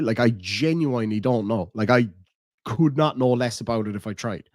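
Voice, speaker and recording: A man's voice: medium pitch, moderate pace, dry recording. An Irish man hosts a live stream in a loose, off-the-cuff way. He answers his chat bluntly, swears freely and laughs often. His voice sits in the middle range and sounds dry and close. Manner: blunt, profane, laughs easily. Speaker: streamer host reading chat. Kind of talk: casual live-stream commentary.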